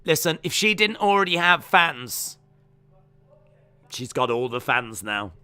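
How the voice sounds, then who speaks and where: A man hosting a live watch-along stream, reacting to fights with excited shouts and exclamations. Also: on the high side, measured pace, clean tone.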